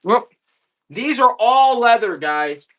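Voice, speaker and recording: A man's voice: very high voice, takes it slowly. A man selling items on a live auction stream, hyping each piece and talking to his viewers. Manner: excited hype salesman talk.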